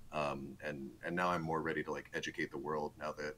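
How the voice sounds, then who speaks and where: A man's voice: a bass voice, fairly even intonation, fast, a bit bright, slight background noise. A young man, a guest pro player, explaining eagerly in a casual podcast chat and chuckling often.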